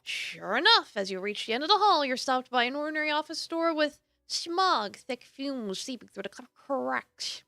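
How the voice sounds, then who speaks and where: A woman streamer with a high, bright voice reads a game's story aloud, swinging her pitch widely as she narrates. She drops into casual asides to her chat between passages. The sound is dry and close, with faint game music underneath. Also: normal speed, gravelly, hardly any pauses, no echo. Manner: expressive narration broken by casual asides and laughs. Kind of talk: reading a visual novel aloud on stream.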